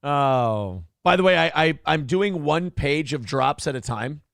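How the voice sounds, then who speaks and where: Brief: male talk-show host, high for a man, gravelly texture, profane ranting delivery, dry studio sound. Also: lively intonation, measured pace, fairly bright tone, dry recording. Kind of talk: casual talk show banter.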